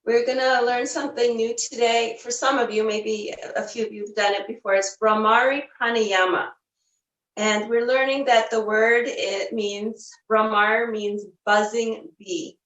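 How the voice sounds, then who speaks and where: Soft-spoken lady leading yoga, sounds a bit off mic in a roomy space. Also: fairly high pitch, steady tone, distant mic, highs cut off. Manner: gentle, unhurried cues with fillers. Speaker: yoga teacher. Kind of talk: guided yoga class instruction.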